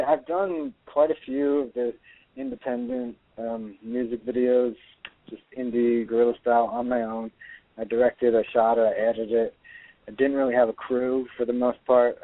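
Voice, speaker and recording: A middle-aged actor and filmmaker, talking earnestly as a guest in a radio interview, rambling with many restarts. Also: male voice, mid-range voice, moderate pace, no room sound. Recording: tinny dry phone line.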